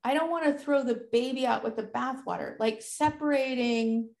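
Woman telling a personal story, candid and swearing, slightly high voice, echoey room. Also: normal speed, vocal fry, a little mellow. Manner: candid, swears freely, lots of filler words. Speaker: podcast host. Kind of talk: casual conversation, personal storytelling.

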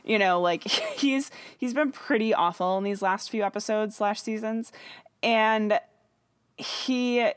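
A woman's voice: mid-range voice, slow pace, clean tone, no room sound, clean studio sound. A woman co-hosting a casual podcast chat about a TV show, talking in a chatty way with frequent laughs. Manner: chatty, laughs often, restarts a lot. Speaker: podcast co-host.

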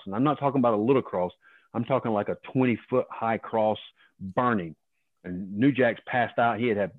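A man in his fifties tells wild, profane stories as an interview guest and jumps into other people's voices. His voice sits low and comes through a thin, phone-like line. The sound is dry and close. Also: no room sound. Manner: profane, animated, acts out other people's lines. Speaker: guest, former pro wrestler. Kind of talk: casual storytelling.

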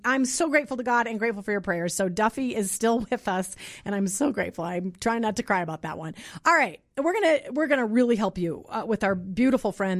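A woman's voice: medium pitch, dry recording. A woman in her forties from Minnesota, hosting a radio show and podcast in a chatty, emotional way. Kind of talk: casual radio talk. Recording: dry studio mic with faint music.

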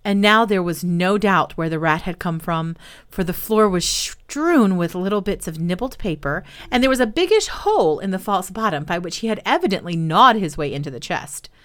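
Woman storyteller, animated and expressive, reading vintage children's tales. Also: fairly low pitch, moderate pace. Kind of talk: reading old children's stories aloud.

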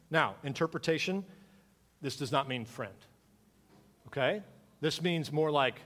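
A man's voice: on the high side, lively intonation, a little slow, long pauses, a bit bright, in a large hall. A man preaching a conversational sermon, reading scripture and asking his congregation questions. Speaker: pastor.

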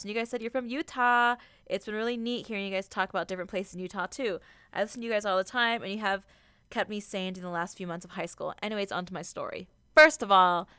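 A woman's voice: medium pitch, a bit bright, clean tone, dry recording, clean studio sound. A young woman co-hosting a casual podcast, reading out a listener's story in a chatty, playful way and swearing freely. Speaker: podcast co-host. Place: Utah.

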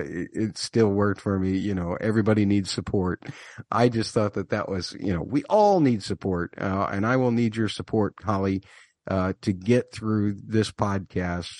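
Low-voiced man, chatty podcast host. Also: a little mellow, no echo. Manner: chatty, many fillers, wry. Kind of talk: casual podcast review.

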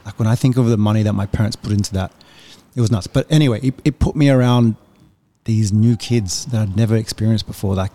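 A man's voice: fairly low pitch, dark tone. A man in his thirties, a podcast guest telling candid, loose stories about his past and swearing freely. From Australia. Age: 30s. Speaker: podcast guest, music manager. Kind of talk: casual conversation.

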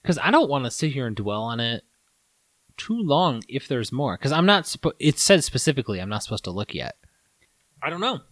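A man in a relaxed candy-tasting chat, his pitch jumping around with lively energy. He jokes and swears easily. The sound is dry and close, with no room around it. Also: fairly quick, dry recording. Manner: animated, swears, jokey.

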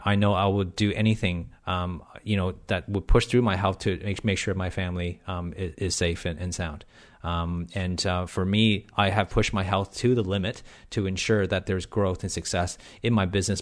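A man co-hosting a podcast, chatting casually with frequent restarts and fillers. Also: low-pitched. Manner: rambling, many restarts and fillers. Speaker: podcast co-host, health professional.

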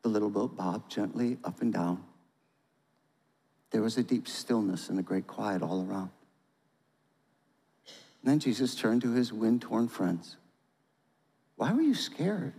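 A male pastor giving a sermon, reading a storybook aloud in a dramatic, animated way and asking listeners to respond. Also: on the low side, unhurried, gravelly, long pauses, slightly rough. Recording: long hall reverb.

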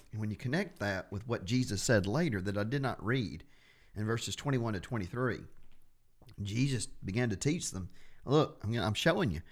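A man teaching a Bible study on a podcast, who stresses and repeats key words as he explains them. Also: fairly low pitch. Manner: steady explaining, restarts phrases.

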